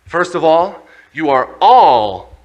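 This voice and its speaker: A man voicing a gentle, grave heavenly father who speaks softly and solemnly to his children. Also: a little high, very animated, muffled recording, heavily acted. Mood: tender. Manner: soft, slow and solemn.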